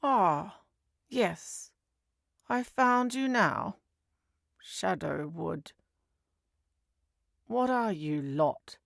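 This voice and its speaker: A woman voicing a bored, irritable female desk clerk who mumbles slowly. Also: mid-range voice, expressive, gravelly, dry recording, studio quality, full character voice. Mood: unimpressed. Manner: slow, mumbling, unimpressed.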